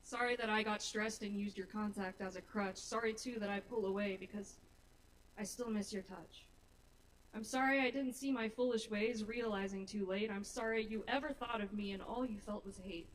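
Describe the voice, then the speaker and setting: A woman's voice: mid-range voice, fairly even intonation, moderate pace. A young woman performing her own rhyming spoken-word poetry at an open mic in a small bar, earnest and openly nervous. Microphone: stage mic. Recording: live room mic, somewhat distant, faint noise.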